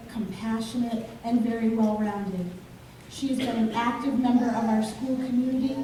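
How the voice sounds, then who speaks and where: A woman who is losing her voice reads formal award citations, in a measured way, at a school ceremony in an auditorium. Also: on the high side, warm tone, slight background noise. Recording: echoey auditorium from far off.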